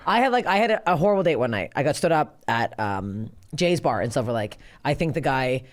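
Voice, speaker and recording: Woman, 30s, comedy podcast host, rapid rambling delivery, laughing storyteller. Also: rumbling low, sing-song. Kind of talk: casual comedy podcast chat.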